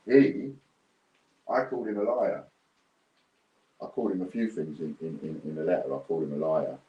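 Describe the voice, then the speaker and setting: A man's voice: extremely low pitch, normal speed, reverberant, highs cut off. A man ranting to camera, blunt, indignant and repetitive. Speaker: business owner vlogger.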